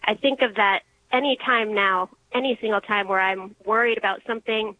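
A young woman calling in to share an emotional personal testimony, earnest and halting, restarting when moved. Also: medium pitch, steady tone, a little hiss or hum. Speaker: caller. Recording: muffled phone line.

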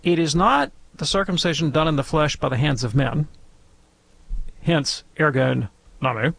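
Emphatic man with a gravelly voice. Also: on the high side, moderate pace, a bit bright, no echo. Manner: emphatic, repeats phrases for stress. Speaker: theology expert answering listeners. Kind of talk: call-in radio explanation.

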